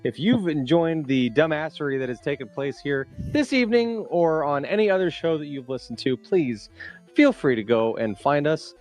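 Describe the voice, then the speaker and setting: A man's voice: on the high side, lively intonation, moderate pace, a little mellow, faint music behind. A man in his thirties co-hosting a podcast, giving a wry, mock-formal outro. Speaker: podcast co-host. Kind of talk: casual chat and scripted show outro.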